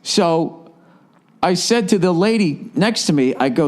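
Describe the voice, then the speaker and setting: A man's voice: on the high side, a little slow. A man hosting a podcast, telling stories in casual chat with a sarcastic, profane manner. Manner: profane, sarcastic, animated storytelling. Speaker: podcast host. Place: indoors at home by a fire.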